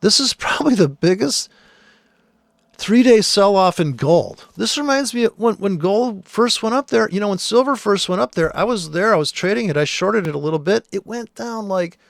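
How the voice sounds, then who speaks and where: A man talks through trading charts in a blunt, exasperated rant full of swearing. His voice sits high for a man. The sound is dry and close, with no room echo. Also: lively intonation, normal speed, creaky. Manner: blunt, profane, exasperated ranting. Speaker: trader. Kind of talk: screen-share chart commentary.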